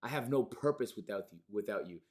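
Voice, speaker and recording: A man's voice: fairly low pitch, expressive, a little fast, lightly acted. A man reading as a lovesick obsessed superfan. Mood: pleading. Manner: pleading, overwrought, then shouting in anger. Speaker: streamer. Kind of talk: reading texts aloud on stream.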